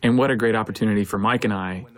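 A man's voice: fairly low pitch, steady tone, very fast. A man, a film director, giving an earnest, reflective audio commentary, thinking aloud as he talks.

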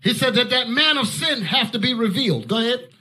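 A man preaching Bible teaching with fiery force, breaking into loud shouted outbursts and barking commands at a reader. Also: extremely high pitch, expressive, brisk.

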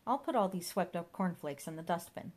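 A woman's voice: fairly low pitch, lively intonation, fairly quick. A woman voicing a flustered, paranoid young man in a storybook reading. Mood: sheepish.

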